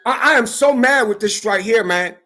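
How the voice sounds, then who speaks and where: Angry vlogger, male, very high sharp voice, profane ranting with frequent shouting. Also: normal speed. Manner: heated, profane, often shouting. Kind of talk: angry rant to camera. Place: California.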